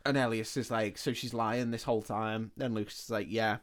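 A man's voice: lowish voice, steady tone, fairly quick. Man recapping a film plot. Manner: retells the plot loosely, acting out the characters' lines. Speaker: podcast host. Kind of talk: casual film recap chat.

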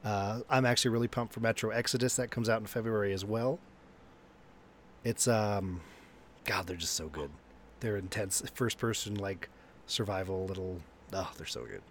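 A man's voice: on the low side, moderate pace, slight background noise. A man co-hosting a casual gaming chat, enthusiastic and sarcastic. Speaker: co-host.

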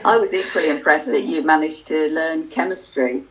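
A podcast co-host with a mid-pitched voice who winds slowly toward a question. The talk is meandering and self-deprecating, with many restarts. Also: crowd noise, rough recording. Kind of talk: casual conversation.

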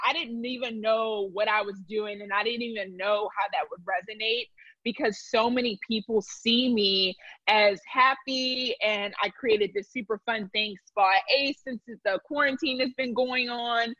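A woman speaking as a guest in a candid conversation, earnest and reflective, often pausing and restarting. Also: mid-range voice, steady tone, pushed and bright, no echo. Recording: dry, dull lo-fi sound.

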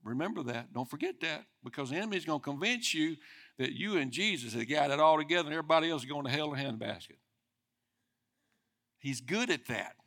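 Man preaching a conversational sermon. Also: on the high side. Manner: conversational preaching, speeding up and swelling in loudness for emphasis. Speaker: pastor.

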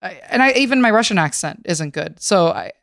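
A woman's voice: fairly low pitch, lively intonation, fairly quick, gravelly, a bit bright, no room sound, clean studio sound. A woman co-hosting a podcast, chatting in a self-deprecating, rambling way. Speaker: podcast co-host. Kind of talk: casual chat.

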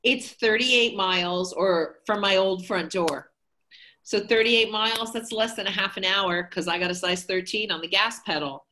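A woman's voice: medium pitch, normal speed, sharp tone, slight background noise. A woman being interviewed as a hair educator, talking casually and rambling with lots of fillers. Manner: chatty, rambling, many fillers.

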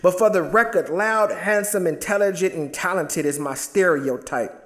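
A man's voice: high voice, moderate pace, a bit bright. A man who is a father, performing spoken word poetry with a rhythmic, rhyming and intense delivery. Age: adult, a father.

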